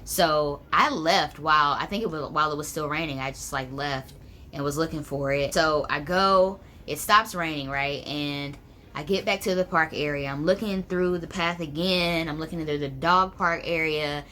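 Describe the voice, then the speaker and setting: A woman's voice: low voice, normal speed, pushed and bright, slight background noise. A young woman telling a personal story to camera, chatty and full of "like" and "um". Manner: chatty, many fillers like "like" and "um". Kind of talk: casual storytelling.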